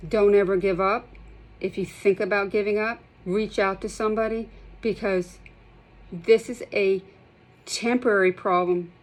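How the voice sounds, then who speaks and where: A middle-aged woman with a drawl speaks straight to camera in an emotional vlog. She sounds impassioned and shaky, close to tears, and repeats and restarts her sentences. Her voice sits at an ordinary middle pitch. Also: steady tone, measured pace, rough recording. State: shaky, holding back tears. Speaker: healthcare provider sharing her withdrawal experience.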